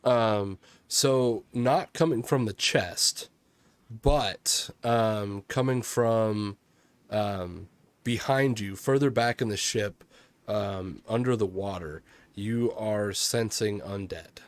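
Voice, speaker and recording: A man running a tabletop game as game master, narrating slowly with many ums and restarts. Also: on the low side, dry recording.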